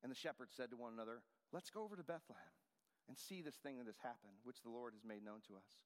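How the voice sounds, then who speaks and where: A man's voice: medium pitch, animated, fast talker. Man preaching in a reverberant hall. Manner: conversational storytelling preaching. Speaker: pastor. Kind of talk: sermon.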